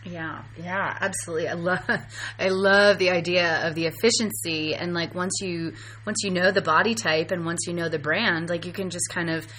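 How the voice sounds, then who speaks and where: A woman's voice: on the low side, steady tone, normal speed, a bit bright, a little hiss or hum. A woman hosting a casual interview, asking questions in an encouraging way. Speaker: host.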